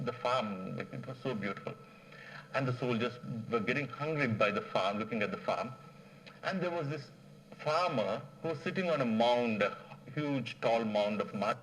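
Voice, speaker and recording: Man, conversational storyteller at a talk, animated and digressive, lots of "you know". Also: mid-range voice, slight background noise, low-quality recording. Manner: animated, digressive, many fillers. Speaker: speaker at a management association.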